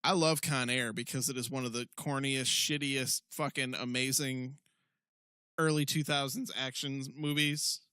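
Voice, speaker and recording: Co-host type: mid-pitched man with a bright edge, talkative and profane, dry close mic. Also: fairly even intonation, unhurried, clear, resonant tone, no echo. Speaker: podcast co-host. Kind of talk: casual chat.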